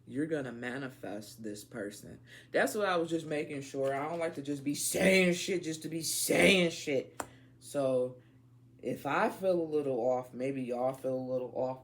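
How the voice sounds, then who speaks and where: A woman with a creaky bass voice hosts a casual tarot reading, addressing viewers directly as "y'all" in blunt, slangy, profane language. A little hiss or hum is audible.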